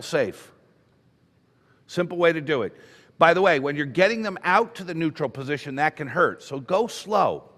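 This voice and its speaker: Man, medical lecturer, slightly high voice, casual storytelling, long hall reverb. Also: a bit bright. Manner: conversational storytelling with acted quotes. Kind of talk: conference lecture.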